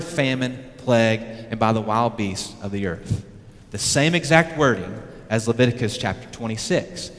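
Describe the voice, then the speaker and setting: A male pastor preaching a sermon emphatically, his voice swinging from loud peaks down to low, quiet lines. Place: church sanctuary. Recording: long reverb of a church hall.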